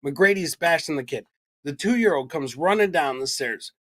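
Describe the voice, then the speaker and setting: A middle-aged man co-hosting a podcast, telling a true-crime story in a loud, profane, jokey way. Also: on the high side, animated, normal speed. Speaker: podcast co-host. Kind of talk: casual true-crime chat.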